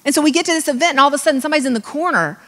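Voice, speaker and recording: A woman giving a humorous, animated motivational talk as a keynote speaker, acting out voices and joking with the audience. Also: high-pitched, racing. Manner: animated, acts out voices, jokes with the crowd. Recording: long hall reverb.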